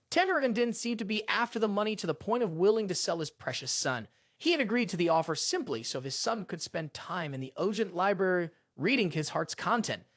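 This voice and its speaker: A narrator reading a fantasy story recap in a steady storytelling manner, close on the mic. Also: mid-range voice, dry recording.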